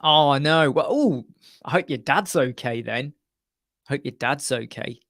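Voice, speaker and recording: A man's voice: medium pitch, measured pace, a bit bright, dry recording, clean studio sound. A man hosting a casual live web chat, answering viewers by name in a chatty, joking way. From United Kingdom.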